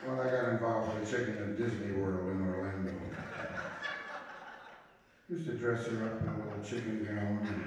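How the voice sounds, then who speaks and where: A man doing live stand-up, teasing an audience member and tossing off quick jokes. His voice rings around a large echoing venue, picked up from a distance. Crowd noise sits clearly underneath. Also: lowish voice. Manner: joking, quick asides, teasing. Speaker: stand-up comedian. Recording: echoey venue, distant mic.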